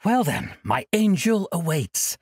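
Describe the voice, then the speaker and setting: A man doing a playful ancient monk, husky and high. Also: big pitch swings, takes it slowly, dry recording, studio quality, exaggerated voice. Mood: whimsical. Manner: grand, playful, theatrical. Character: eccentric ancient male monk, childlike and mischievous.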